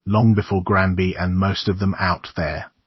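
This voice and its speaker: A man voicing a shabby older male neighbor who gives grim, conspiratorial warnings in a low husky voice. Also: level tone, moderate pace, no room sound. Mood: ominous. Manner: conspiratorial warnings, keeps calling the listener son. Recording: dull lo-fi dry recording.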